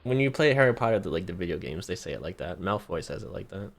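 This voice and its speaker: A man's voice: sits low, big pitch swings, fast. A man streaming a video game, chatting casually and playfully with a friend on a call, laughing often. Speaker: gaming streamer. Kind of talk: casual chat while playing a game.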